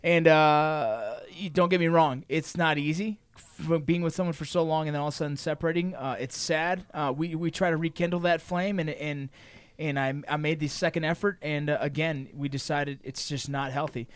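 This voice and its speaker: A man's voice: a little high, steady tone, moderate pace, smooth, no echo. A man hosting a podcast, talking earnestly in a casual chat. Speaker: podcast host. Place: podcast studio.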